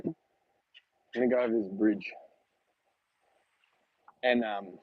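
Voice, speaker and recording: A man's voice: mid-range voice, flat delivery, unhurried, pauses often, dull audio. Chatty man vlogging on a walk. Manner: chatty, rambling, laughs while telling stories. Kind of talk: casual walking vlog livestream. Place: outdoors, walking on a street.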